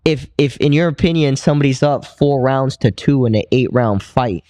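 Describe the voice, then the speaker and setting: Dark-voiced, laid-back young boxer. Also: male voice, medium pitch, moderate pace, dry recording, clean studio sound. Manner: laid-back, slangy, keeps adding "you know". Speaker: pro boxer, guest. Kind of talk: casual interview chat.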